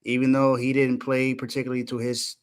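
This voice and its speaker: A man's voice: medium pitch, monotone, fairly quick, clean tone. A man co-hosting a sports podcast in casual talk, building his argument point by point with emphasis.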